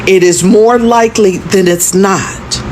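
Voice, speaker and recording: Over background noise, a content creator in her fifties relates a storytime vlog at a measured pace in a mid-range voice. Her delivery is conversational and emphatic, and she regularly turns to put questions to the viewer.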